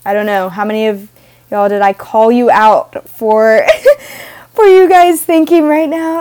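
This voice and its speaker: A young woman with a slightly high voice chats alone on her podcast, wandering off on tangents and laughing at herself. She talks casually and loosely, as if to friends. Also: a little slow, darkish tone, smooth. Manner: rambling, self-interrupting, giggly. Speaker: podcast host. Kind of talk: casual solo podcast ramble.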